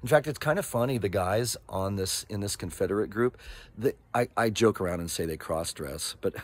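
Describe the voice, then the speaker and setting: Animated man in his sixties rambling. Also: mid-range voice, no room sound. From Oregon. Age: 60s. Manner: animated, rambling, with frequent asides and laughs. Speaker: vlogger. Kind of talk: casual rambling vlog talk.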